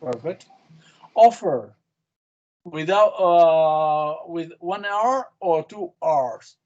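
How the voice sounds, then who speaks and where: A man's voice: fairly high pitch, slow pace, darkish tone, lo-fi sound. A man teaching an English class, quizzing students on spelling with short, patient prompts. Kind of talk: online class drilling spelling.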